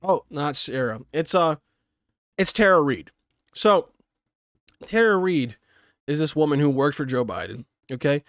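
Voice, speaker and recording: Man, somewhat high voice, profane rambling commentator, dry close recording. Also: expressive, measured pace, long pauses, a bit bright, dry recording. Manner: heavy swearing, rambling, reads aloud then reacts. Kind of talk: profane ranting commentary on a news article.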